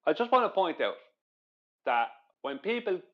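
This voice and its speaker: A man's voice: sits high, big pitch swings, moderate pace. Irish man arguing over a dull line. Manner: argumentative, long explanations. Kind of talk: casual debate chat on an online call.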